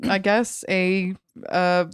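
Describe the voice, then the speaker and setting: A woman hosting a casual chat show, telling stories lively and acting out phone conversations. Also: very slow, smooth, no room sound, clean studio sound. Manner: animated storytelling, acting out phone calls with bright high voices. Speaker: podcast host.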